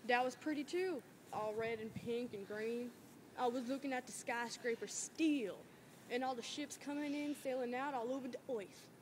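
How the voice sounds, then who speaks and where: A woman voicing a tough, bitter working-class man in an amateur play reading, talking in rough, clipped street slang. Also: a little high, moderate pace, close to an everyday voice. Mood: wistful. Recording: loud background noise.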